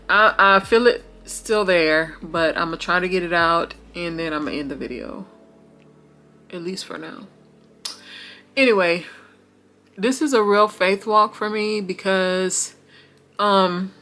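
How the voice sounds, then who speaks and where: A young woman talks to her viewers in a relaxed, heartfelt vlog, taking her time with each thought. Her voice is bright and clear. Faint music plays softly in the background. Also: mid-range voice. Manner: chatty and heartfelt, calls viewers "girl" and "y'all". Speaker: vlogger. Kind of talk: casual chat to camera.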